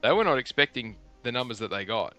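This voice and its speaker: A middle-aged man, hosting a casual gaming podcast and rambling through animated stories. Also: mid-range voice, fast, no room sound, faint music behind. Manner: rambling, animated storytelling with restarts. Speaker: podcast host. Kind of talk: casual chat. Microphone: headset.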